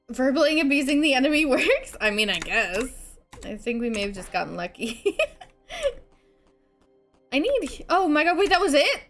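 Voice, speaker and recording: A woman live-streaming a video game, chatting casually, giggling and thanking her viewers. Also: sits high. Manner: giggly, animated, talks to herself and thanks chat.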